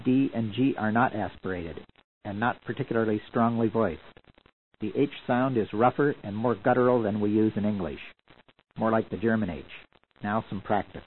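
A man giving measured, explanatory scripted narration as the narrator of a language course. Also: lowish voice, a little hiss or hum. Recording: tinny lo-fi old tape.

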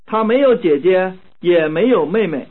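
A man reading short model sentences slowly and carefully for language learners. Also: high-pitched, animated. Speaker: language tape speaker. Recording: tinny narrow-band tape recording.

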